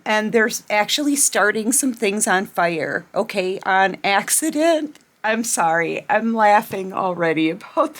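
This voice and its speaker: Slow-talking chatty woman tarot reader. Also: on the high side. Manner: laughing, chatty, many fillers. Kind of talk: casual collective tarot reading. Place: at home at night.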